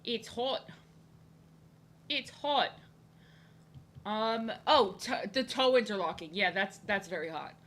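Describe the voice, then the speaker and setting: Speaking slowly and pausing often, a young woman chats on her drawing stream in a playful, meandering way, welcoming viewers. She stumbles and restarts her words a lot, and her medium-pitched voice is a bit bright.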